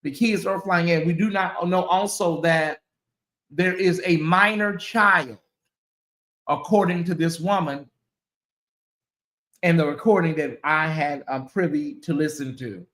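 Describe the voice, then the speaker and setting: A woman's voice: on the low side, unhurried, pauses often. Woman hosting a commentary show, chatty and worked up, echoey room. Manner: animated, exclaiming and repeating herself. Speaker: commentary channel host. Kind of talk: casual commentary to viewers.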